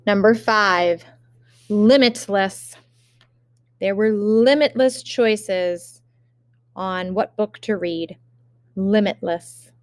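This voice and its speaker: A woman teacher giving a remote spelling lesson, dictating words slowly and carefully with example sentences. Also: mid-range voice, dry recording, studio quality.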